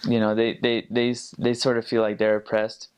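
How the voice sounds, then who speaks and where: Halting American man explaining casually. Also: medium pitch, completely flat delivery, darkish tone, clean tone, low-quality recording. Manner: halting, restarts phrases while explaining. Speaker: commenter in the reacted video.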